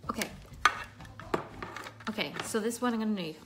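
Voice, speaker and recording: In a brisk, mid-range voice with a little hiss or hum on the recording, a woman talks her way through a makeup tutorial indoors at home. She's chatty and scattered, turning mid-task to talk to her child and her audience.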